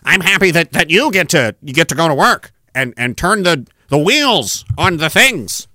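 Man doing a stammering, condescending rich politician, bright dry voice. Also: a little high, sing-song, normal speed, dry recording, exaggerated voice. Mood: mock-puzzled. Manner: mock-baffled, stammering, condescending. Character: smug out-of-touch rich male politician.

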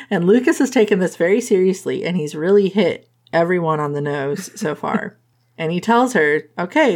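A woman casually retelling a romance novel's plot, laughing often and playfully quoting the characters. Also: low-pitched. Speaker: book reviewer recapping a romance novel.

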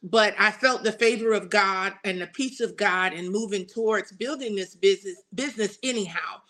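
A woman speaking as an interview guest about her business, earnest and faith-filled, easily excited. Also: mid-range voice, moderate pace. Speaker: guest, publishing CEO. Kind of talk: interview answers.

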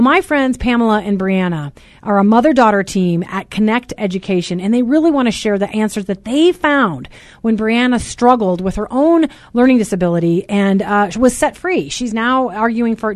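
Loud chatty lady radio host, kinda high voice, dry studio sound. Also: a little fast, dry recording. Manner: loud and chatty, says so herself. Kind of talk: casual talk radio chat.

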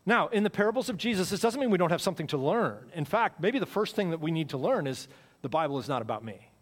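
A male pastor delivers a sermon with a somewhat high voice, which rings out with a long reverb in a church sanctuary. He keeps the tone conversational and repeats his key phrases for emphasis. His volume swings from loud bursts to near-murmurs. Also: sing-song, fast.

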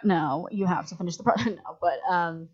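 A woman guest on a casual podcast, telling stories in an animated way with lots of "like" and acted-out quotes. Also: lowish voice, a little fast, slightly rough, muffled recording. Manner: animated storytelling, many "like"s, acts out quotes. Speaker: guest filmmaker.

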